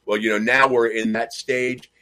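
A man's voice: mid-range voice, level tone, normal speed, sharp tone, low-quality recording. A man in his fifties chatting and telling stories with jokes over a video call. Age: 50s. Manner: storytelling, joking. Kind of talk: casual chat.

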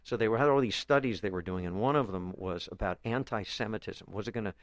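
Male author guest, low-ish voice, halting storyteller with many restarts, dry close sound. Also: no room sound. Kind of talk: conversational storytelling interview.

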